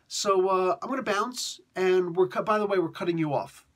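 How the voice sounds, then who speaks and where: A laid-back male god brushes someone off in an offhand, breezy way, as a man acts him out. His voice is slightly husky. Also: high-pitched, normal speed, a bit bright, voice pushed up. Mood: dismissive. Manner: breezy, dismissive.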